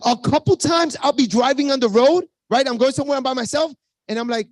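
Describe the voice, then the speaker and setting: A man in his fifties with a Spanish-accented English, giving an energetic sales pitch to a team on a video call, hyped and full of asides to the audience. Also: a little fast, dry recording. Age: 50s. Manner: hyped, talks straight to the audience, many asides. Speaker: network marketing presenter.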